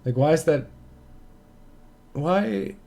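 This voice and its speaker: A man's voice: fairly high pitch, animated, drawn-out words, gravelly, warm tone. A young German man streaming a game, chatting casually in English with a German accent, ranting and swearing in exasperation. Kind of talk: casual live-stream chat.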